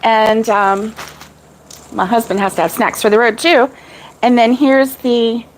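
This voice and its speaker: Middle-aged lady rambling to her viewers, laughs a lot, kinda high voice, light hiss. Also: steady tone, measured pace, poor audio. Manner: giggly, rambling, laughs often. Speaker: crochet vlogger. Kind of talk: casual chat with live viewers.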